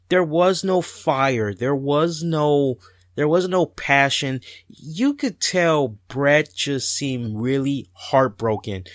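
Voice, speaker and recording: A man hosting a podcast, telling stories in a casual, animated way, swearing freely and repeating words as he goes. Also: mid-range voice, dry recording, clean studio sound. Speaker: podcast host. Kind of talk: casual storytelling rant.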